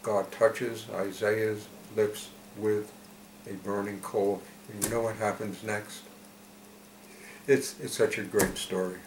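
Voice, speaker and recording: A man giving a reflective spiritual talk, telling it slowly and deliberately with emphatic swells. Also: fairly low pitch, flat delivery. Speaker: spiritual teacher. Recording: echoey room with faint noise.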